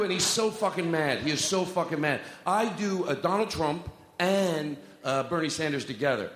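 A man's voice: a little high, expressive, normal speed, hardly any pauses, fairly bright tone, slight background noise. Rambling profane stand-up comic man. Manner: rambling, profane, self-mocking, chatty with the crowd. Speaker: stand-up comedian. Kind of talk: live stand-up set, crowd work. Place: comedy club stage. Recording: echoey hall with long reverb.

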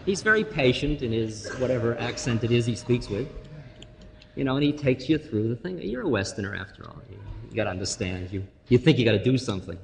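A man's voice: medium pitch, lively intonation, brisk, gravelly, long reverb tail, a little hiss or hum. A man giving a storytelling talk, musing and wry, with playful asides and frequent laughter. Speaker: spiritual lecturer.

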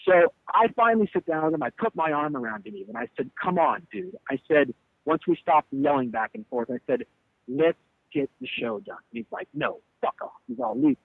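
A man tells a tour story in an interview, swearing freely and playing out each line of the argument. His voice sits a little high for a man. The sound is dry and close, with no room around it. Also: fairly quick, vocal fry, no echo, low-quality recording. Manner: animated, profane, acts out quotes. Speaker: band leader telling a tour story.

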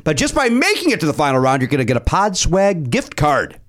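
Animated man hosting a comedy game. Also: a little high, brisk. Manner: upbeat, self-deprecating, rambling. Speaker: game show host.

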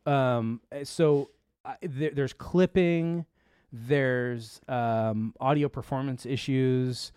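Man, tech show host, casual rambling chat, lots of fillers, mid pitch, dry close sound. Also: fairly even intonation, slow, darkish tone, clean tone, no echo. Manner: rambling, with many fillers and restarts.

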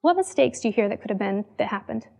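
A woman's voice: mid-range voice, fast, gravelly. A woman giving a talk to an audience, telling a workplace story and acting out the people in it. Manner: animated storyteller, acts out quoted lines.

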